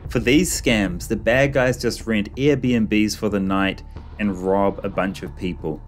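A man's voice: fairly low pitch, steady tone, slow. A man telling a travel story in a casual, chatty way, full of filler words. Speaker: travel vlogger.

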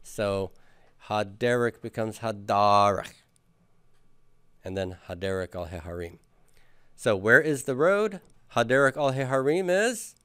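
Patiently drilling students who repeat after him, a Hebrew grammar teacher lectures and asks questions. His medium-pitched voice is unhurried, pushed and bright yet smooth, with no echo.

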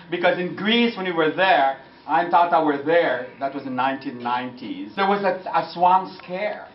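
A man giving a lively, laughing lecture with anecdotes, slipping into French and phrases. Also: on the high side, a little hiss or hum. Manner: animated, mixes French and Filipino phrases, laughing often. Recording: distant roomy lo-fi recording with audience.

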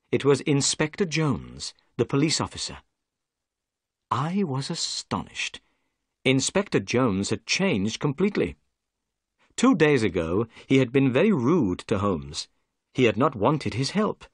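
A man giving clear, measured narration of a graded reader story. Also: mid-range voice, no echo, studio quality.

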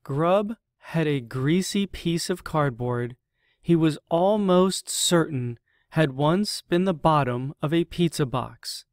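A storyteller reading a children's picture book aloud in a slow, deliberate manner with long pauses. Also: medium pitch, expressive, no echo, clean studio sound.

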